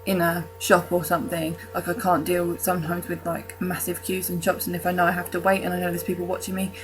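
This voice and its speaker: A woman's voice: on the low side, monotone, fast, soft background music, poor audio. A young woman from the UK talking casually to camera in her vlog, rambling with fillers and restarts and self-mocking jokes. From United Kingdom. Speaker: vlogger.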